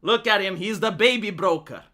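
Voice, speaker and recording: A man putting on the voice of a pompous campaigning politician, declaiming slowly and loudly. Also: high-pitched. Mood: mocking.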